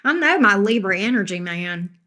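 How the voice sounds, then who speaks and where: Sassy woman, bright voice. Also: mid-range voice, lively intonation, normal speed. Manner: sassy, scolding chat trolls, laughs a lot. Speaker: tarot reader. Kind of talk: live-stream tarot reading.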